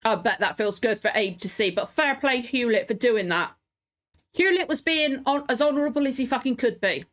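A woman's voice: on the high side, animated, moderate pace, fairly bright tone, faint music behind. A woman reacting to a TV drama in casual commentary, emotional and swearing freely as she pleads with the characters. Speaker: TV show reactor.

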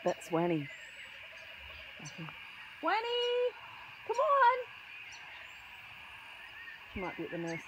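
Aussie woman cooing at birds outside, slow sing-song baby talk, quiet mutters to the camera. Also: very high-pitched, wildly swooping pitch, dull audio, heavy background noise. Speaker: vlogger feeding wild kookaburras. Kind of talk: casual outdoor chat to animals and camera. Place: outdoors among trees. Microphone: handheld camera held to the side.

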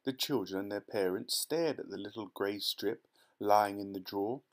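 A man narrating a children's novel as an audiobook, in a lively, expressive storytelling manner. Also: lowish voice, normal speed.

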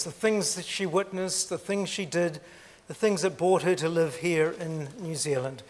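A man officiating at a funeral in a church, pausing with hesitant fillers as he introduces the next speakers. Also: on the high side.

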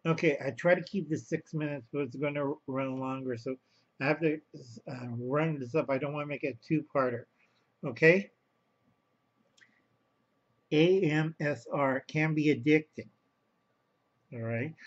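A man's voice: a little high, a little slow, pauses often, muffled recording. A man rambling through a home video monologue, talking to his viewers as boys and girls and calling himself by name in the third person. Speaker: vlogger.

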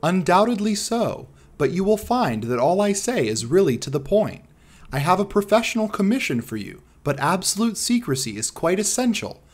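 A man's voice: high-pitched, sing-song, normal speed. A man voicing a wary, secretive colonel of about forty with a German accent, insistent and probing, in an audiobook reading.

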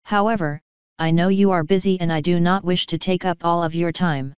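A woman reading the part of a formal, composed royal lady, speaking in a measured, courteous way. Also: lowish voice, steady tone, clean tone, dry recording, muffled recording, natural voice. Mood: polite. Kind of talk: audiobook reading of fan fiction.

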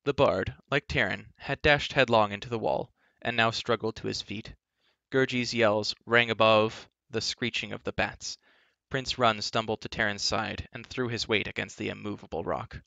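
A man reads a children's novel aloud in a lowish, gravelly voice with a bright edge. His delivery is animated and varied, and the recording is dry and dull. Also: moderate pace, dry recording. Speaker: storyteller.

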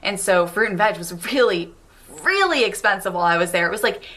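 A woman's voice: mid-range voice, expressive, a little fast, a bit bright. An American woman vlogging in a casual, upbeat way, with lots of "like". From United States. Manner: chatty, upbeat, peppered with "like". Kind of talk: casual vlog talk.

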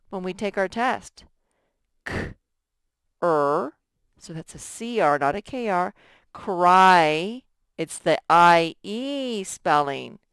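Slow, patient woman teaching first graders. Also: fairly low pitch, clear, resonant tone, dry recording, clean studio sound. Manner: slow, patient, sounds out letters and stretches words. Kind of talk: recorded lesson for young students.

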